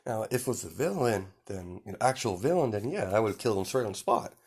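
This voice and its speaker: A man's voice: fairly low pitch, lively intonation, fast, a little mellow, husky. A man voicing a doting but ruthless middle-aged mother in a storytelling fan fiction, lifting his voice with sweet, lilting endearments. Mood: indignant.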